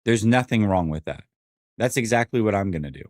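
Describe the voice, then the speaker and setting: A man in his forties hosting a live sports stream, venting his frustration and answering chat in an animated, exasperated way. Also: lowish voice, a little fast, no room sound, studio quality. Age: 40s. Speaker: sports show host.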